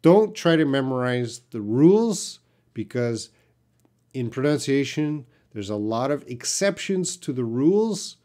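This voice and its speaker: A man with a Canadian accent teaching English on a live stream. He takes each question in turn and talks at a slow, unhurried pace, patient and plain, with a voice of middle pitch. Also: big pitch swings, dark tone. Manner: slow, patient, answers viewers' comments.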